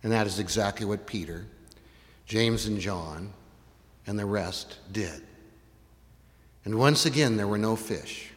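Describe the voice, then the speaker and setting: A man's voice: fairly low pitch, measured pace, long pauses. Male preacher in a reverberant hall. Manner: animated storytelling, acts out voices, rises to shouts. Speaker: pastor. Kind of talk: sermon. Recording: long reverb in a large hall.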